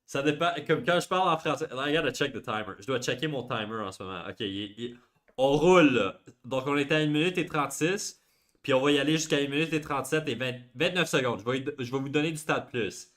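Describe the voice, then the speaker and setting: A man's voice: medium pitch, quick pace, fairly bright tone. Casual Québécois man chatting on stream. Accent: Québécois French. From Quebec, Canada. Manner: rambling, self-mocking, switches between French and English. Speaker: livestreaming artist. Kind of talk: casual livestream chat.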